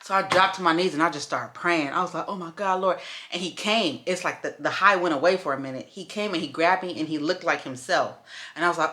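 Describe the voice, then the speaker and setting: A woman tells a story to her vlog audience, acting out the other voices. Her voice sits low but sounds bright and forceful. She calls her viewers y'all and baby as she talks. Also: lively intonation, fast. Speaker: vlogger telling a story. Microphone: camera while doing makeup.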